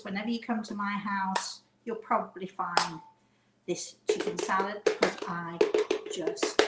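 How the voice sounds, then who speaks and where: In a home kitchen, a woman hosts a casual cooking demonstration, chatting away and eyeballing her amounts out loud instead of measuring. Her voice is mid-range, and the echoey room is noisy with clattering dishes.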